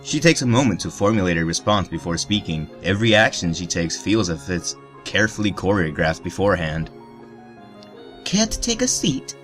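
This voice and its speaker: A man with a low, deep voice reads a visual novel aloud for a let's play. He keeps breaking the narration with crude, joking asides. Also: a little fast, hardly any pauses, a bit bright, faint music behind. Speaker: let's player.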